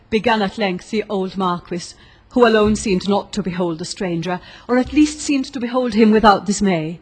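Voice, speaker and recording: A woman reads a dark period tale aloud with steady, expressive pacing. Her voice is husky and breathy, sitting at an ordinary middle pitch. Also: moderate pace. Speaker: narrator. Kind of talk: audiobook narration.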